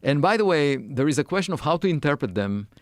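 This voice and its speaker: A man's voice: on the high side, big pitch swings, fast talker, no room sound, studio quality. A man as a guest scientist in a conversational interview, speaking thoughtfully with many fillers and restarts.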